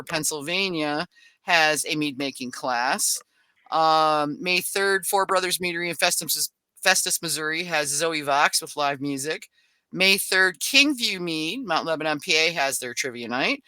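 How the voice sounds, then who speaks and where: Bright-voiced woman reading event listings. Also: lowish voice, no room sound. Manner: reads a list briskly with asides and small laughs. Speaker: podcast host. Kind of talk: casual event-listing readout.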